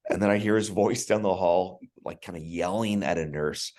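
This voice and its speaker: A man with a deep, slightly mellow voice speaks at a moderate pace. As a guest on a podcast, he recounts something personal with earnest emotion, often restarting his sentences with repeated words.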